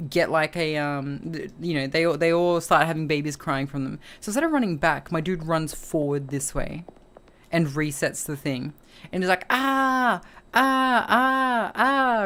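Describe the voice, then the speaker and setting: Low-voiced woman chatting casually. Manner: tags sentences with "right?" and swears casually; acts out the character with short mumbled lines and cries. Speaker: streamer reviewing a film. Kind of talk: casual chat.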